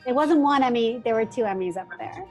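A woman's voice: fairly high pitch, lively intonation, fairly quick, soft background music. A woman co-hosting a podcast, enthusiastic and effusive in casual video-call talk. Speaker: podcast co-host.

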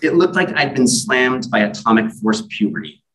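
A man's voice: mid-range voice, animated, normal speed, a bit bright, far from the mic, low-quality recording. A man, an author at a library event, reading his own comic stories in a wry, self-deprecating way with casual asides.

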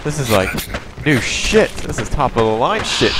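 Excitable young man swearing at a game. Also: mid-range voice, normal speed, very noisy. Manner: excitable, profane, yelling outbursts. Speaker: gamer. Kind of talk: let's play commentary. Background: game music and gunfire.

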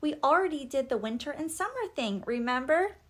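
A woman playing a gentle, caring young queen from a storybook, earnest and kind, with a lively, expressive voice. She sounds thoughtful and warm-hearted. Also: high-pitched, brisk, pitched above the performer's own voice.

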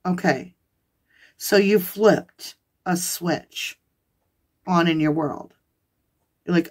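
A woman reading tarot cards for her viewers, excitable and gushing, talking straight to them. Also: lowish voice, extremely slow, pauses often. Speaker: tarot reader.

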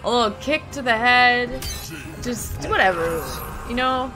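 A woman giving enthusiastic play-by-play on a fighting game stream, with loud exclamations. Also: fairly high pitch, expressive, a little slow, over music, low-quality recording. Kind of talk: casual esports commentary.

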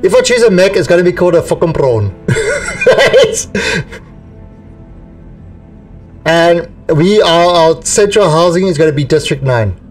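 Male game streamer, jokey and excitable, slightly high voice, music underneath. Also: measured pace, pauses often, far from the mic. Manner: excitable, jokey, laughs often. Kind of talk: live gameplay commentary.

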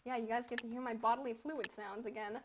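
A young woman gaming commentator with a high voice talks casually over her gameplay, swearing, joking and rambling before breaking into sudden loud yells. She speaks fast in a steady tone on a close mic at home, with a noisy background.

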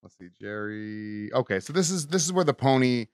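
A man's voice: medium pitch, normal speed, dry recording, clean studio sound. Profane man recapping a sitcom. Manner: profane, mocking, animated retelling with voices. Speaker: podcast host. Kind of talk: casual chat recapping a sitcom episode. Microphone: studio mic.

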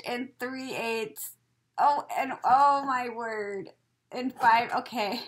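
A woman's voice: a little high, a little slow, rough recording. A woman chatting casually as she opens craft mail, gushing and giggling with frequent exclamations. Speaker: crafting vlogger opening mail. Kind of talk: casual unboxing chat.

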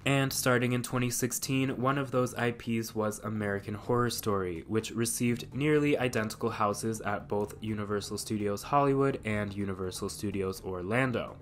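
A man's voice: lowish voice, normal speed, few pauses, a little hiss or hum. A man narrating a scripted video essay, with dry sarcastic asides.

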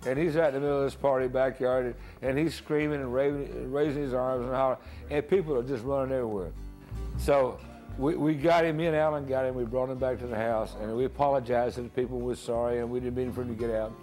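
A man in an interview tells a lively anecdote, picking up speed as he goes. His voice is mellow and relaxed. Faint music sits under his voice. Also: mid-range voice, quick pace. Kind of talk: anecdotal storytelling.

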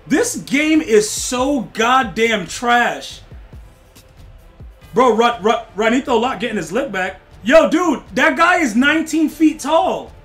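Male game streamer with a high voice; loud, profane reactions and joking back-and-forth with viewers. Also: slow, soft background music. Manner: excitable, swears, loud outbursts at the game; teasing banter with chat. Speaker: gaming streamer.

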